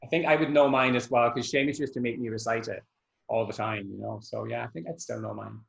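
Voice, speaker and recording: A man of middle pitch tells long, chatty anecdotes in a relaxed interview. His voice comes through a video call with dull, lo-fi sound. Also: fast, creaky. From Scotland. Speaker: Irish dance teacher and adjudicator. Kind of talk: casual interview chat.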